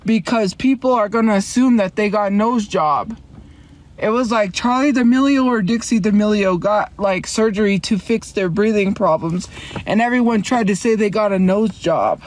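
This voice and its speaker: A woman livestreaming from inside a car, chatting in a rambling, defensive way and answering her chat with quick laughs. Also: mid-range voice, a little mellow.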